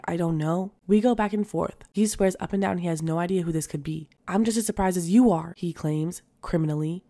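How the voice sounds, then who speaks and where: A woman narrating online stories aloud in an animated, punchy way, with sudden loud emphasis. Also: fairly low pitch. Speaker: storytime narrator.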